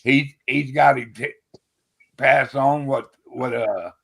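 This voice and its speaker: A man arguing in a casual chat, gruff and swearing, cutting in on the others. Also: mid-range voice, slow pace, fairly bright tone. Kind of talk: heated political argument.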